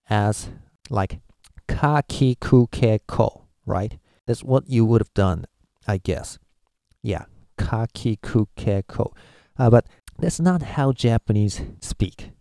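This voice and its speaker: A man with a low, dark-toned voice explains a video lesson with patience. He pauses often on drawn-out fillers as he searches for words. The sound is dry and close. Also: creaky, no echo. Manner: halting, full of "uh" pauses, patient. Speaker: language teacher.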